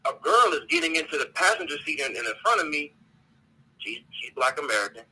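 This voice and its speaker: This heated call-in rant comes from a man whose voice is on the high side, husky, bright and forceful, with big pitch swings and a slightly fast pace. He swears bluntly and keeps repeating words while searching for them, all on a rough recording.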